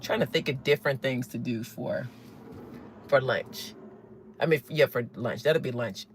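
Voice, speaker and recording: A woman's voice: very deep voice, a little slow, low-quality recording. Chatty woman talking while driving. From Southern United States. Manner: rambling, chatty, asks viewers questions. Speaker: live-streaming vlogger. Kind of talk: casual chat while driving. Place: inside a car in traffic. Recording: clear car road noise behind.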